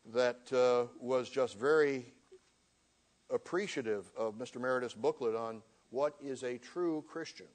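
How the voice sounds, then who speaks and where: A man's voice: medium pitch, a little mellow. A man preaching a sermon, earnestly reading scripture aloud with emphasis. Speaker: minister.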